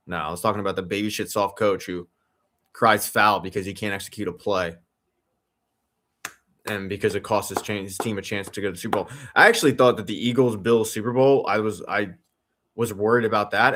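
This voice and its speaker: A man's voice: fairly low pitch, moderate pace, a bit bright. A young man hosting a live football watch-along, ranting in a profane, sarcastic way and answering chat comments.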